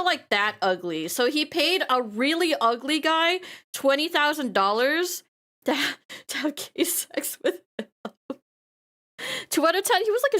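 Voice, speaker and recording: High-pitched woman streamer, casual chat, keeps giggling and repeating words. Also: bright, forceful tone. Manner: giggly, laughs through her words often; stumbling restarts and repeated words.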